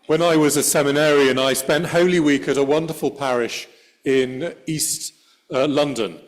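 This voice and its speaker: A man's voice: fairly high pitch, normal speed. A middle-aged man giving a sermon as a priest, telling a story in a conversational way with dry humor, speaking into a church microphone.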